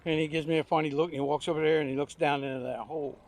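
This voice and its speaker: Racing along in a slightly high, steady voice, an older vlogger tells meandering folksy anecdotes. His homespun, casual storytelling happens outdoors while he rides a recumbent trike.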